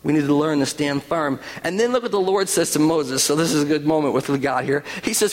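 A man preaching with a fairly high voice that carries a long reverb through a big hall. He delivers an animated sermon and asks the congregation rhetorical questions. The quoted voices he puts on sit inside the same delivery. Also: fairly quick. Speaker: pastor.

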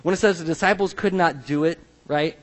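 A male pastor preaching a sermon to a church, animated, acting out the Bible's voices. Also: on the high side, brisk. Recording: long reverb of a large hall.

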